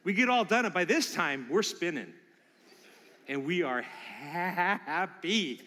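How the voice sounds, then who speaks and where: A middle-aged male pastor with a high, bright voice delivers a sermon woven with personal stories. He talks in an animated way and slips into character voices for the people in his anecdotes. His voice rings out with the long reverb of a big church hall. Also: slow.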